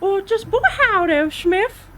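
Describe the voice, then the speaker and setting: A woman doing an impression of a cheery high-voiced cartoon mouse in a squeaky falsetto. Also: lively intonation, takes it slowly, fairly bright tone, slight background noise, heavily acted. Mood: chipper.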